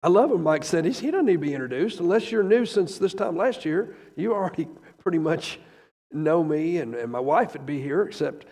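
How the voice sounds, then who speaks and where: An older man preaching, emotional and rambling at first, then rising loud and fervent. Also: on the high side, animated, brisk. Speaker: traveling preacher. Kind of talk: sermon. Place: church sanctuary. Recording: echoey church hall.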